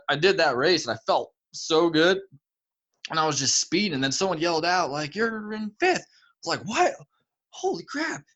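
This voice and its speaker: A young man, a guest in a casual interview, telling stories with lively, acted-out quotes. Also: mid-range voice, highs cut off. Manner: animated storyteller, acts out quotes in a raised voice. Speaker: guest, pro obstacle course racer.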